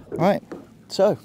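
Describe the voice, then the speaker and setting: Fishing from a little boat, a man with a Hampshire accent offers easygoing commentary to his audience and to the fish themselves. His voice has a dark tone, and there's a slight hiss or hum on the recording. He's an angler vlogger.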